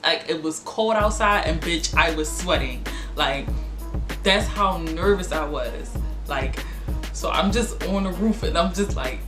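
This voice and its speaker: Young woman vlogger, animated storyteller, slightly low voice, roomy echo with music playing. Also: a little slow. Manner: animated, dramatic storytelling with cursing and acted-out quotes. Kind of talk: storytime vlog. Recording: echoey room with music behind.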